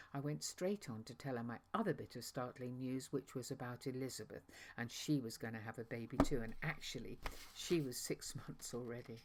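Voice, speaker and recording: A woman's voice: a bass voice, a little mellow, a little hiss or hum, voice pushed down. A woman voicing a chatty, awestruck angel messenger who recounts a visit in a rambling, conversational way, stumbling over asides and self-corrections. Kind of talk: dramatic monologue reading.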